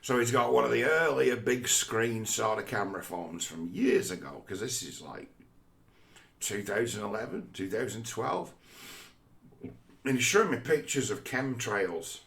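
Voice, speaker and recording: Brief: casual man, low gravelly voice, loose sweary storytelling. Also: expressive, a little slow, a bit bright. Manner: swearing, rambling, conversational. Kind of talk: casual monologue.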